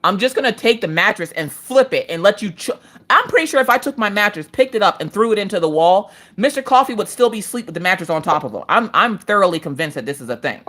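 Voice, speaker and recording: A woman's voice: mid-range voice, fast. A woman hosting a casual crafting livestream from home, rambling through stories with lots of "like" fillers. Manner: rambling, animated storytelling with frequent "like" fillers. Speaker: livestream host. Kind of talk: casual live chat while crafting.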